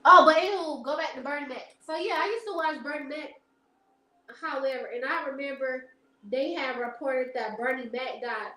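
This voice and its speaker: A woman's voice: sits high, moderate pace, bright, forceful tone. A young woman, chatting casually to viewers in a rambling, laughing storytelling way. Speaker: live stream host. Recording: echoey room.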